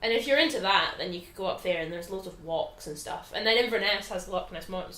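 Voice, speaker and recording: A woman's voice: medium pitch, quick pace, fairly bright tone, roomy sound, rough recording. A young Scottish woman co-hosting a podcast, chatting casually with many hesitant fillers. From Scotland. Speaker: podcast co-host. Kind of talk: casual chat.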